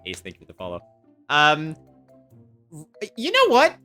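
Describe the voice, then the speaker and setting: A woman running a tabletop game as game master, narrating in a relaxed way with frequent fillers. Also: low-pitched, a little slow, over music.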